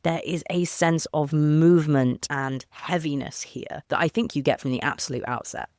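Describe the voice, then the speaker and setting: A woman co-hosting a poetry podcast, discussing a poem in a thoughtful, expressive, enthusiastic way. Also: deep voice, moderate pace, no echo, studio quality. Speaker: podcast co-host. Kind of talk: conversational poetry analysis.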